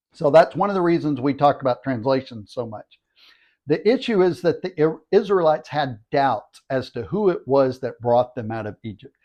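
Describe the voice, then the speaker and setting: An older man, a Bible teacher, reads scripture aloud and then explains it in a steady, explanatory teaching tone. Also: mid-range voice, dull audio. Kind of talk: scripture reading and commentary.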